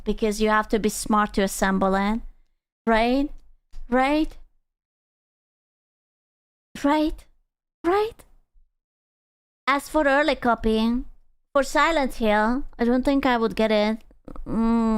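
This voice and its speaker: Young woman streamer, high clear voice, excitable and sweary. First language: Hungarian. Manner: excitable, swears, squeals and gasps in reactions. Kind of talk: casual chat reading out chat.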